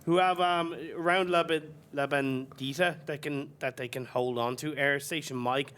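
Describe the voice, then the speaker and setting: A man's voice: on the high side, fairly even intonation, normal speed, fairly bright tone, clear, resonant tone. Chatty analytical esports caster man. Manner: analytical, chatty, filler-heavy. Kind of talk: colour commentary.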